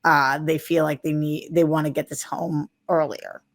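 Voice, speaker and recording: A woman's voice: low-pitched, little pitch movement, normal speed. A woman co-hosting a casual podcast chat, thinking aloud in questions. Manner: thoughtful, questioning. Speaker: podcast co-host.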